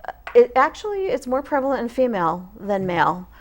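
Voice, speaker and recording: A woman's voice: a little high, big pitch swings, a little fast. A woman guest on an interview show, speaking for a support organization in an earnest, emphatic way. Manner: earnest and emphatic, stresses key points. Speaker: guest, association representative. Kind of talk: casual interview.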